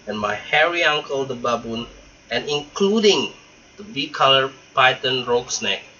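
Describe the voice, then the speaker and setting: A man's voice: medium pitch, animated, measured pace, sharp tone, slight background noise. Man doing a polite young elephant calf. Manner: polite, earnest storybook voice. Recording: dull lo-fi recording.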